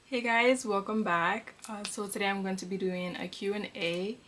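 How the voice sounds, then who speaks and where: A young woman from Connecticut, chatting casually as she answers viewer questions for her vlog, relaxed and filled with ums. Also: mid-range voice, normal speed, soft background music. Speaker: vlogger. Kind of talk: casual Q&A chat.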